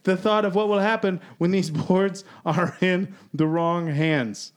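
A guy doing an outraged British spirit expert in a put-on British accent, pitched up and theatrical. It is a podcast bit, read as a dire warning about danger from the other side. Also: fairly even intonation, unhurried, clean tone. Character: indignant British male paranormal expert.

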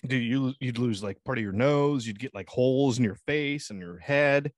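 A man's voice: medium pitch, moderate pace, dry recording, clean studio sound. An American man co-hosting a casual podcast chat, crude and laughing often. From United States. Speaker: podcast co-host.

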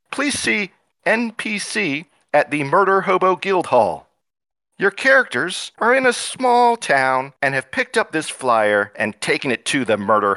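Male game master and host; bright, lively narration over faint music. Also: medium pitch. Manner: lively, emphatic storyteller. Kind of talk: podcast intro and game narration.

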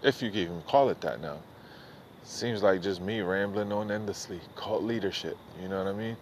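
Brisk and lowish-voiced, a middle-aged man hosts a solo podcast, meandering through a casual monologue that's loose, profane and often self-mocking as his thoughts drift. Slight background noise is audible.

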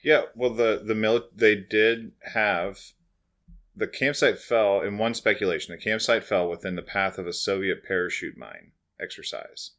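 A man's voice: lowish voice, normal speed, fairly bright tone. A man co-hosting a podcast, chatting loosely and jokingly, with casual swearing. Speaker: podcast co-host.

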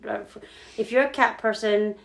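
Animated, swearing woman telling a story. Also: on the high side, moderate pace, creaky. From lives in Hawaii. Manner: animated storyteller, swears freely, acts out her own panic. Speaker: podcast co-host. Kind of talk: casual chat.

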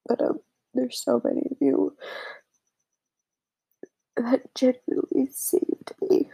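A young woman speaks to her viewers through tears, her voice breathy and dropping into a whisper, with a heavy gravelly fry. Her nose is blocked, so she sounds nasal and congested. She talks very slowly and haltingly, with long pauses and many fillers. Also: sits high, level tone, warm tone, low-quality recording. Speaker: vlogger. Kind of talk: emotional personal talk to viewers.

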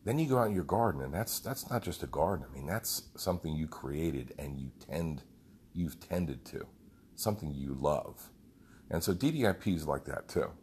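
A man's voice: very deep voice, expressive, normal speed, darkish tone, a little hiss or hum. A man who leads a group fitness program, telling a rambling, heartfelt story with some swearing. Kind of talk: casual storytelling monologue.

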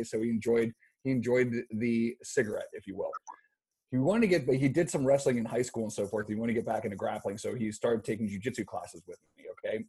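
A man's voice: lowish voice, a little mellow, breathy edge. A man hosting a casual podcast, telling a long story in a rambling way with many restarts and fillers. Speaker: podcast host.

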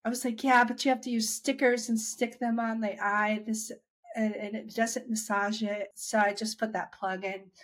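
Here a woman describes her own dry eye history, speaking at a normal pace in a slightly high voice that barely moves in pitch. As an interviewee telling the story casually, she keeps restarting and acts out what she and others said.

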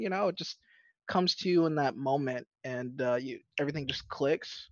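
A man's voice: on the high side, fairly even intonation, moderate pace, fairly bright tone, dry recording. A laid-back man chatting casually about playing tabletop games, often dropping "man" and "you know". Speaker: tabletop roleplaying player. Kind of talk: casual podcast chat. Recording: dull, dry lo-fi recording.

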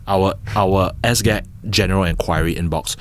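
A man in his thirties with a Singaporean English accent, a podcast guest telling business stories in a lively, chatty way, acting out quotes and ending lines with "right?". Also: low voice, normal speed, a little hiss or hum. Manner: animated storyteller, acts out quotes, tag questions "right?". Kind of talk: casual storytelling interview.

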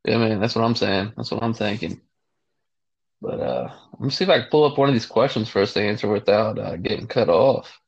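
A man's voice: lowish voice, fairly quick, vocal fry, husky. Laid-back young man, slightly muffled. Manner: laid-back, crude, frequent "dude". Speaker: podcast co-host. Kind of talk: casual chat. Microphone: remote call line. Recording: slightly dull lo-fi audio.

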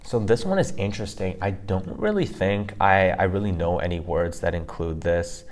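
A man's voice: low-pitched, normal speed. A man co-hosting a casual lesson podcast, explaining sounds step by step and often checking in with "right?". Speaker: co-host teaching pronunciation.

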